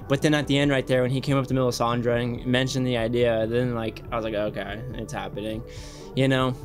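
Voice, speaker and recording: A young man with a medium-pitched voice runs a reaction channel, rambling excitedly through casual commentary and swearing often.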